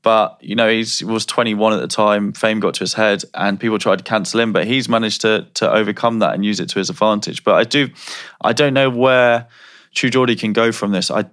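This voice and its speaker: A man's voice: on the low side, steady tone, a little fast, fairly bright tone. A man co-hosting a podcast, musing in casual chat with hesitant restarts. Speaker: podcast co-host.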